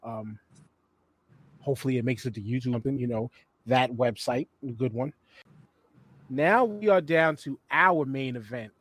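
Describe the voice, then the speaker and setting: A man hosting a podcast, relaxed as he steers the talk to the next topic. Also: medium pitch, moderate pace, pauses often, husky, no room sound. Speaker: podcast host.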